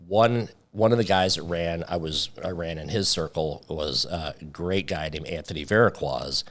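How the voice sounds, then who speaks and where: A man's voice: low voice, moderate pace. A man, a company founder, telling his story in a casual interview and acting out the dialogue as he goes. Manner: lively storyteller who acts out quoted dialogue.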